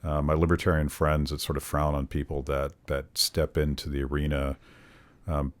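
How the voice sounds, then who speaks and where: A middle-aged man hosting an interview podcast, with a very low, deep voice. He talks in a measured, casual way, with plenty of fillers and soft nods of agreement. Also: level tone. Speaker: podcast host.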